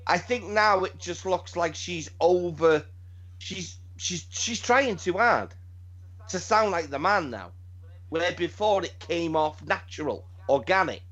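A man's voice: sits high, lively intonation, unhurried, a bit bright, highs cut off. A man casually chatting as podcast host, swearing and restarting his sentences. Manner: profane, rambling, hesitant restarts. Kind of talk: casual chat.

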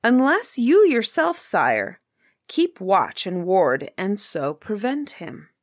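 A woman reading aloud, voicing a humble old male seer who speaks in a grave, measured way. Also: medium pitch, big pitch swings, dry recording, clean studio sound, exaggerated voice. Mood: solemn.

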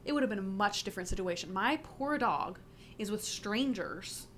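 A young woman telling a story on a podcast in a casual, animated way, swearing freely and peppering her talk with "like". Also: mid-range voice, moderate pace, slight background noise. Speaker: podcast guest.

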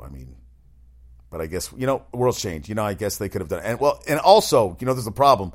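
A talk show host with a low-pitched voice, big pitch swings and a quick pace rambles bluntly through his opinions on sports and TV, swearing freely in a casual chat.

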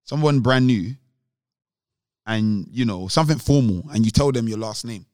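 A man co-hosting a casual podcast, arguing in an animated way, repeating himself and laughing. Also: mid-range voice, moderate pace, dry recording, studio quality. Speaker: podcast co-host.

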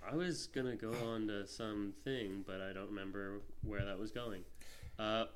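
A man's voice: on the low side, fairly even intonation, moderate pace, clear, resonant tone. A man co-hosting a casual film-review podcast, talking in a rambling way with lots of fillers and restarts. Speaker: podcast co-host.

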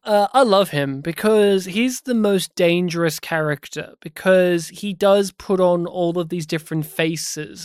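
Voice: mid-range voice, smooth, no room sound, studio quality. A podcast host leading a casual, enthusiastic film discussion. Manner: enthusiastic, animated.

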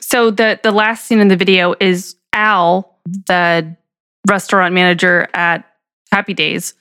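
A woman's voice: lowish voice, steady tone, measured pace, a bit bright, smooth. A woman co-hosting a casual podcast, chiming in with short agreements and details she looked up. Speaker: podcast co-host. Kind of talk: casual chat.

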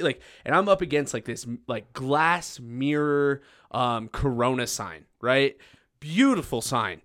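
A man in his twenties, a podcast host, telling a story casually, laughing and loudly acting out what people said. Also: fairly high pitch, moderate pace, no room sound, clean studio sound. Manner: animated, laughing, acts out quotes loudly.

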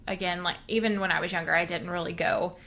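Excitable young woman podcaster, low voice. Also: fast. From Texas. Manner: excitable, laughing, swears casually. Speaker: podcast co-host. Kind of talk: casual chat.

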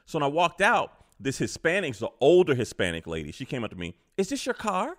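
Animated man telling a story. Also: medium pitch, quick pace. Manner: animated storytelling, swears freely. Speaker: podcast host. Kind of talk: casual chat.

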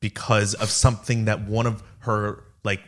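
A man's voice: fairly low pitch, little pitch movement, normal speed, a bit bright. A young man co-hosting a podcast, chatting casually with lots of fillers and rambling asides. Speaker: podcast co-host. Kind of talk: casual chat.

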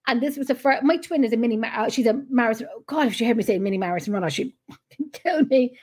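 Chatty Irish woman, fairly high voice. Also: fast, husky. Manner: chatty storyteller, animated retelling. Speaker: host. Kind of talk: casual chat.

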